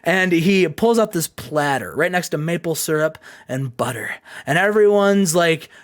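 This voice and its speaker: A man's voice: on the high side, expressive, unhurried. A man hosting a casual let's play, chatty and rambling as he narrates a wrestling game with a friend. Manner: rambling, chatty, laughs often, frequent fillers.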